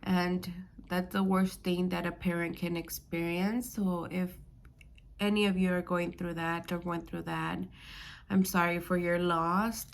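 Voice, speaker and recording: A woman's voice: lowish voice, vocal fry, a little hiss or hum. A young woman, a new mother who is a bit under the weather, talking casually in a vlog with lots of "like" and "um.". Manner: rambling, full of "like" and "um". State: a bit sick.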